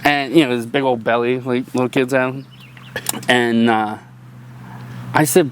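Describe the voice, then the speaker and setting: Young man, from western Pennsylvania, animated storyteller, laughs often, swears freely, middle pitch, faint outdoor noise. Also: moderate pace. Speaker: podcast guest. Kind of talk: casual storytelling chat. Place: outdoors around a campfire at night.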